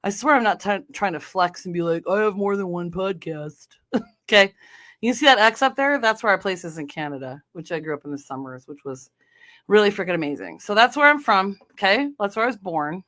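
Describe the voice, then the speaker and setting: A woman's voice: medium pitch, lively intonation, fairly quick, bright, forceful tone. A woman from North Dakota hosting her own podcast, talking casually in a meandering way, with many fillers and restarts. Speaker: podcast host. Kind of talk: casual solo podcast chat.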